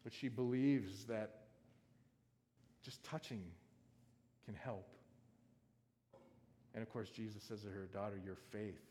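A man's voice: on the low side, slow, long pauses, warm tone, a little hiss or hum. A man preaching a sermon from a stage, reading scripture and then talking it over with the congregation in a conversational way, often asking "right?". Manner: conversational, asks the audience questions, often adds "right?". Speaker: pastor. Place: large hall with a stage. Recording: long hall reverb.

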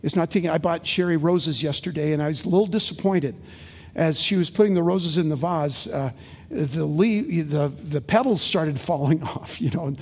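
A man preaching in a church sanctuary, his voice pitched high for a man. He tells stories animatedly, rising loud and then dropping to a hush. A long reverb trails behind his words. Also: moderate pace, husky. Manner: animated storytelling, swinging from loud to hushed. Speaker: pastor. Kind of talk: sermon.

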